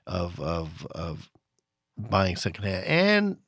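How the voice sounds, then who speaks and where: A man's voice: sits low, huge pitch swings, slow pace, a bit bright, dry recording, studio quality. Man telling shop stories, chuckling. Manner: rambling, with many restarts and chuckles. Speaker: record store owner. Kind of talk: casual storytelling in conversation.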